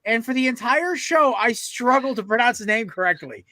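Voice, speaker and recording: A young man hosting a casual sports podcast, talking in an excitable, rambling, profane way. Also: extremely high pitch, normal speed, no room sound. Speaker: podcast host.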